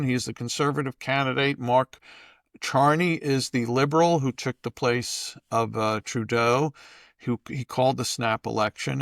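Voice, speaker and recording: A man co-hosting a talk show, chatty and rambling, asking halting questions. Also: mid-range voice, gravelly, a bit bright, no room sound, studio quality. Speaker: co-host. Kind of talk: casual interview chat.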